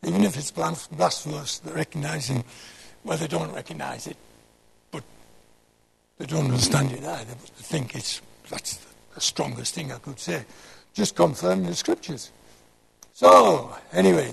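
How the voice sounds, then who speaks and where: Old guy preaching, super gravelly and high voice, wanders off topic, keeps asking the crowd questions. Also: rough recording. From North East England. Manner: digressive, asks the audience questions. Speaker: Christian speaker. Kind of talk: rambling sermon talk to an audience.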